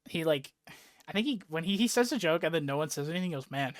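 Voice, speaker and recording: A man's voice: a little high, animated, quick pace, dry recording, clean studio sound. A young man hosting a casual podcast chat, rambling with lots of fillers and swearing freely as he recaps a story. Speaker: podcast host.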